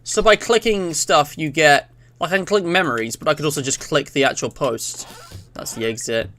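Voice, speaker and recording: A man's voice: fairly high pitch, moderate pace, bright, forceful tone. A man giving casual, rambling let's-play commentary, reading on-screen text aloud as he plays. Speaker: gaming YouTuber.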